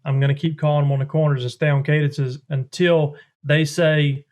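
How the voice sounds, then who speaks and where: Duck-call maker, folksy drawl, fairly high voice. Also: male voice, flat delivery, moderate pace, hardly any pauses, a little mellow. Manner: drawling, folksy, mimics duck sounds with his voice. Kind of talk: instructional explanation.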